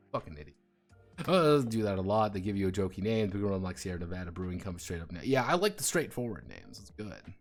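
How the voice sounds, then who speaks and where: A man's voice: on the low side, lively intonation, a little fast, soft background music. A man streaming live, chatting casually and ranting with lots of swearing and jokes. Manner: profane, ranting, jokey.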